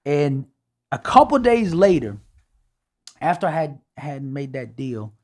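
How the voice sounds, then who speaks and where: A man telling a personal story as a podcast guest, animated and casual, acting out dialogue and often checking in with "right?". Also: a little high, a little slow. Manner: animated, acts out dialogue, tags lines with "right?"; casual speech with "ain't" and "gonna".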